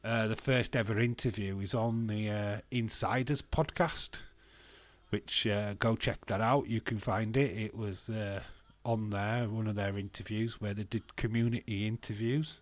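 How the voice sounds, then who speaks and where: A man's voice: on the low side, fairly even intonation, measured pace, no room sound. A man streaming casually, rambling and self-deprecating, with a stuffy, bunged-up nose and frequent laughs. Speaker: wrestling streamer. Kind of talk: casual live-stream chat.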